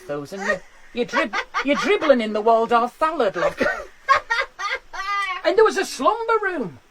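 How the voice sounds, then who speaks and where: A man doing stand-up from his garden shed, with quick self-deprecating patter and laughs at his own jokes. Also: very high voice, low-quality recording. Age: 40s. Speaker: stand-up comedian. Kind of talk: live-streamed stand-up.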